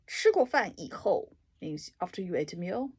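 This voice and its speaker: A woman reading through dictionary entries and explaining each one with everyday examples, in an unhurried, casual way. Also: lowish voice, sing-song, husky. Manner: unhurried, explaining words with examples, soft asides. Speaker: language tutor.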